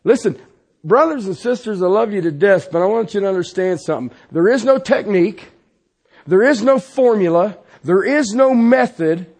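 A man preaching a sermon as pastor, swinging from loud insistence to hushed, pleading passages. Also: high voice, expressive, normal speed.

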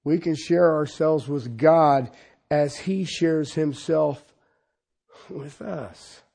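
A high-pitched man with a gravelly edge preaches at an unhurried pace. He talks to his listeners in a folksy, joking way, calling out loud at times and dropping to quiet asides at others. He sounds like a plain-spoken pastor. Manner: swings between loud exclamations and quiet intimate asides; folksy and humorous, addresses listeners directly. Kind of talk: sermon.

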